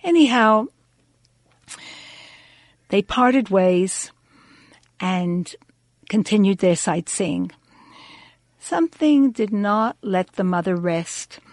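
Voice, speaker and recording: Slow, deliberate woman radio storyteller. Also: medium pitch, animated, darkish tone, dry recording. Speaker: radio show host. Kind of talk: storytelling on a radio talk show.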